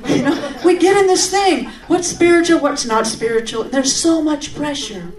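A woman's voice: sits high, measured pace, few pauses. Earnest woman preaching a testimony, roomy. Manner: earnest, conversational, with sudden animated outbursts. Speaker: speaker giving a testimony. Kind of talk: testimony sermon. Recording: roomy, from a distance.

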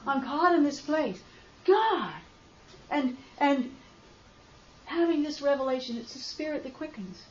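High-voiced woman giving impassioned testimony. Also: expressive, unhurried, pauses often. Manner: impassioned storytelling that swings from hushed to loud outbursts. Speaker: speaker sharing a faith testimony. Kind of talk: emotional personal testimony. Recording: roomy, slightly dull recording.

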